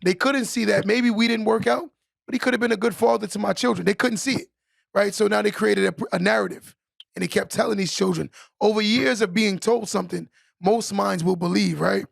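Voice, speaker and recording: Gravelly, higher-voiced man, earnest podcast talk. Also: fairly even intonation, fairly quick, dry recording, studio quality. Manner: earnest, reflective, builds points with rhetorical "right?". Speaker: podcast conversation partner. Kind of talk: casual podcast conversation.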